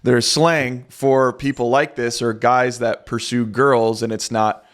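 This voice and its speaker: A man's voice: medium pitch, flat delivery, takes it slowly. Young man host, chatty and loose. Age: 20s. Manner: chatty storytelling with many fillers. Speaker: podcast host. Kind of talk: casual podcast conversation.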